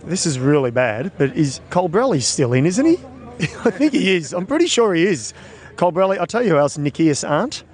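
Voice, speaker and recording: A man's voice: on the high side, sing-song, moderate pace, a little mellow. Bantering man, laughing often. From Australia. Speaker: podcast co-host. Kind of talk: casual chat.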